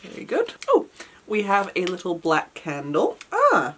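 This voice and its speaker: A British woman vlogging an unboxing in an excitable, gushing manner, her voice worn from a recent cold. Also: mid-range voice, unhurried, a little hiss or hum. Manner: excitable and gushing, frequent oohs and squeals. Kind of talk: unboxing vlog chat.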